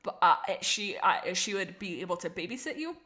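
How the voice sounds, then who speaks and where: A woman's voice: fairly low pitch, fairly quick. A young woman streaming casually, chatting with her viewers and gushing about characters she loves. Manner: gushing, excitable, reads chat aloud. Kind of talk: casual live-stream chat.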